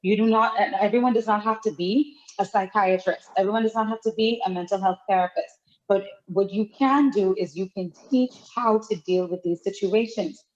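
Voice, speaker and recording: A woman's voice: medium pitch, normal speed, lo-fi sound. A woman from a children's home speaking on a panel in an earnest, direct way. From Bahamas. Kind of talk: panel discussion.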